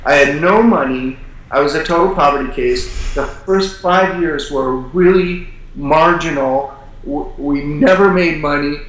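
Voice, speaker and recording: An older man being interviewed, telling his story in a relaxed, self-deprecating way with frequent chuckles. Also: fairly high pitch, unhurried. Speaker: interview guest, publisher.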